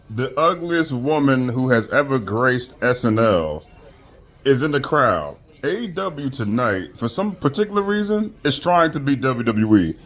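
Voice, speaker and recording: A man's voice: mid-range voice, fairly bright tone. A man giving a profane, mocking rant while reviewing a wrestling show. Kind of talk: casual rant.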